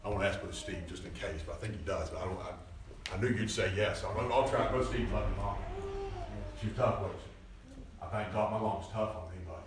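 A man preaching a lively sermon, animated and prone to loud bursts and mimicking people, recorded in a church hall from a distance. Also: sits low, a little fast, background noise. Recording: echoey church, mic at a distance.

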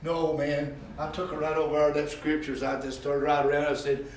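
Male pastor, folksy sermon testimony, high voice, far off in a roomy echo. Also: flat delivery, a little fast, slight background noise. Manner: folksy storytelling, rising to shouts. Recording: echoey room heard from afar.

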